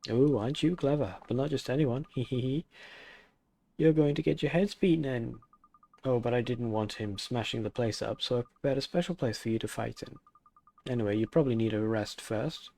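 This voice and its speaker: A man's voice: mid-range voice, a little fast, vocal fry, mellow. A man voicing a smug, mocking game character who taunts the heroes, reading the lines aloud in a sneering way. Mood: taunting.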